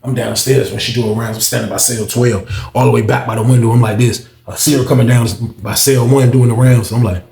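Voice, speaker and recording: Guy talking real fast, cussing, telling a story and acting out the back and forth, echoey room. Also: medium pitch, creaky. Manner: animated, profane, acts out both sides of conversations. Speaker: storyteller recounting his own past. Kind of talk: casual storytime monologue.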